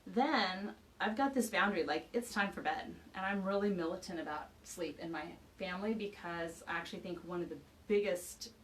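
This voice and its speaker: A woman parenting expert explaining ideas through a lively personal anecdote in casual conversation. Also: lowish voice, moderate pace, few pauses, recorded from a distance, a little hiss or hum, low-quality recording. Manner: animated storyteller, acts out quoted dialogue. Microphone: video call.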